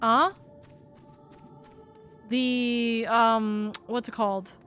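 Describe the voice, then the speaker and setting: A woman's voice: on the high side, little pitch movement, very slow, a bit bright, clear, resonant tone, faint music behind. A young woman streamer chatting casually while playing a game; she swears a lot and her voice jumps up when she gets upset. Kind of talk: casual gameplay chat.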